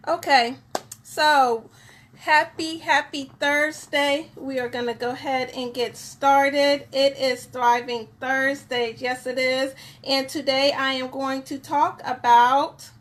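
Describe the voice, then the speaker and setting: Woman, high voice, slow easygoing delivery, cheerful live-stream host, motivational chat, repeats words.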